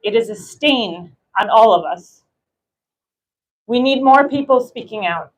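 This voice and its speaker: A woman's voice: a little high, lively intonation, unhurried, poor audio. An American woman giving an impassioned rally speech, emphatic and building through repetition. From United States. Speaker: rally speaker.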